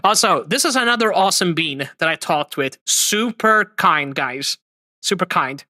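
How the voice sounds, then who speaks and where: A man hosting a livestream, reacting to clips with expressive, mock-outraged chatter. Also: sits high, moderate pace, dry recording. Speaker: streamer host.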